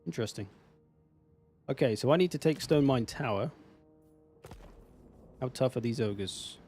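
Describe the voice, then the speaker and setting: A man's voice: mid-range voice, unhurried, a little mellow, soft background music. A man with an English accent, casually commenting on a strategy game on a live stream, swearing now and then and answering chat. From England. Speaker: gaming streamer.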